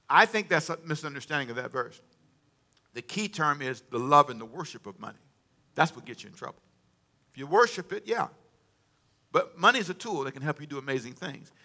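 Bright-voiced man preaching with call-and-response. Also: fairly high pitch. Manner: call-and-response preaching, dramatic swings in volume. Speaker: pastor. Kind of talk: sermon. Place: church sanctuary with congregation.

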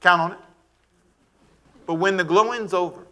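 A middle-aged man preaching a sermon, animated and shouting at times, calling for amens from the congregation. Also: high-pitched, normal speed. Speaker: pastor.

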